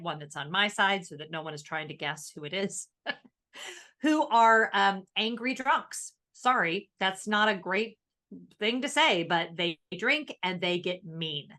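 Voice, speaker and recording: A woman co-hosting a podcast in casual chat, animated and thoughtful as she explains. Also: on the low side. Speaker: podcast co-host.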